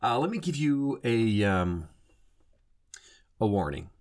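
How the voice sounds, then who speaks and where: A man hosts a solo podcast as a casual, rambling monologue, often stopping to rephrase and correct himself. His lowish voice is very animated but slow-paced, with a darkish tone.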